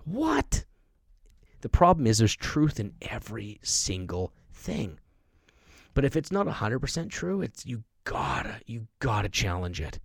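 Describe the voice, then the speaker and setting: A man's voice: on the low side, sing-song, normal speed, gravelly, dry recording, studio quality. A middle-aged man hosting a podcast, speaking emphatically in a motivational monologue and acting out the voices of people he quotes. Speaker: podcast host.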